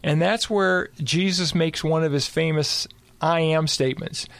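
A man with a fairly high voice teaches through scripture in a theological discussion, quoting verse after verse and explaining each one. The sound is dry and close, with no room in it. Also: steady tone, unhurried, gravelly, dry recording. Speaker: co-host and Bible teacher.

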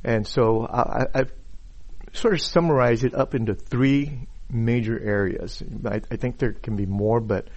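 Male preacher at a middle pitch, teaching scripture in a halting way that keeps repeating itself. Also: darkish tone, lo-fi sound. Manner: many repeated words and restarts, stressed key words. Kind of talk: sermon-style Bible teaching. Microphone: uses a pointer and slides.

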